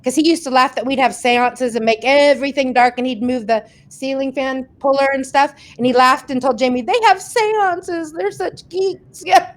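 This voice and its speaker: A chatty woman with a high voice hosts a casual livestream. She reads viewer comments aloud and answers them in a loose, laughing way. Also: steady tone, brisk. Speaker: host reading viewer questions.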